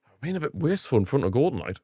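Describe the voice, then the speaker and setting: A young man hosting a live football watchalong, giving excitable fan commentary and ranting at the referee. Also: medium pitch, very fast, breathy edge, dry recording, studio quality. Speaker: watchalong host.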